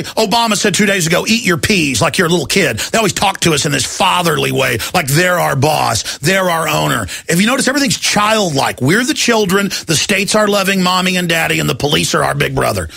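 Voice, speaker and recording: A man hosting a talk radio show, yelling and ranting about politics and mocking what he opposes in put-on voices. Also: high-pitched, expressive, moderate pace, creaky. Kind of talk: impassioned political radio rant.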